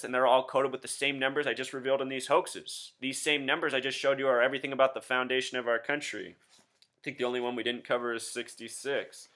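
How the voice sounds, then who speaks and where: Hosting a solo commentary video, a man in his thirties speaks directly to his viewers in a bright, forceful, medium-pitched voice. He presses his points insistently, firing one rhetorical question after another.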